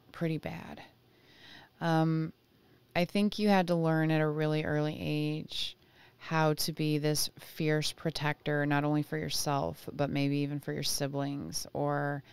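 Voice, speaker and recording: Slow, low-voiced woman giving a tarot reading. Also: smooth, no room sound. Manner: chatty, searching for words, many fillers. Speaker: tarot reader. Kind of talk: casual intuitive reading to camera.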